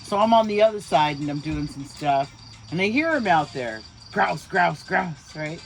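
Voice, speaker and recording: Animated woman in her sixties, lively storytelling. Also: sits low, normal speed, creaky. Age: 60s. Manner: animated storyteller, acts out quoted voices. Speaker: mother telling family stories. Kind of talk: casual chat. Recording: noisy outdoor recording.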